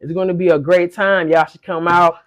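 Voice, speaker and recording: A woman hosting a casual online podcast chat, relaxed and teasing in a colloquial way. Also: fairly low pitch, a little fast. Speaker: podcast host.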